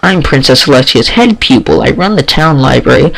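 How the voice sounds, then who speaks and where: A bookish young unicorn mare , read by a man in his own voice, modest and a little flustered, with a gravelly texture and lively pitch. It is a casual storybook reading. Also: brisk, poor audio. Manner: sighing, modest, a bit flustered.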